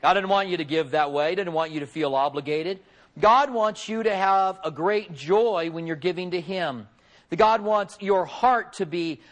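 A middle-aged pastor giving a conversational sermon, folksy, with joking asides to the congregation. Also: male voice, high-pitched, normal speed, fairly bright tone.

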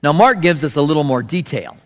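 A middle-aged man preaching a sermon, telling stories and acting out voices with big swings in pitch. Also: expressive, brisk. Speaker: pastor. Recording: long hall reverb.

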